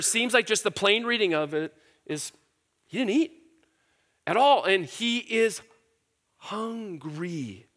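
In a high, pushed, bright voice, a middle-aged pastor delivers a casual yet earnest sermon. He works through scripture conversationally, with filler words and repetition along the way.

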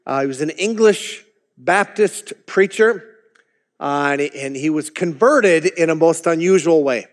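Male pastor giving a chatty sermon, highish voice, big echoey hall. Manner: conversational, with chuckling asides.

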